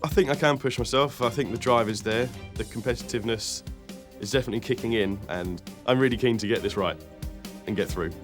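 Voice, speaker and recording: A man's voice: mid-range voice, brisk, over music. A man competing in a cooking contest, earnest and a little hesitant as he explains his dish. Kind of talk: TV interview.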